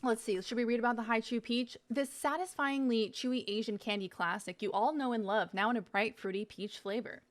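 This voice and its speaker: A young woman on a casual unboxing stream tastes snacks while chatting, swearing a lot and laughing as she eats. Her voice is on the high side and steady in tone, moving a little fast with hardly any pauses.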